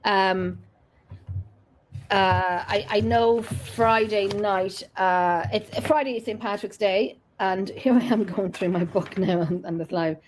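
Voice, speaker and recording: A woman's voice: mid-range voice, slow, a little hiss or hum, poor audio. A woman hosts a live paranormal chat show in a casual, teasing way. She laughs often and talks in a chatty, easy flow. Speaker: host.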